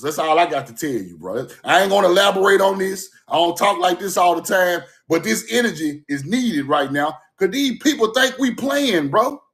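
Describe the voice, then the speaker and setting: Fired-up man, high voice, livestream rant from home, loud and profane, "bro" every line. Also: sing-song, moderate pace, few pauses. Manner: loud, fired-up, repeats "bro", swears, laughs between points. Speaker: livestream host.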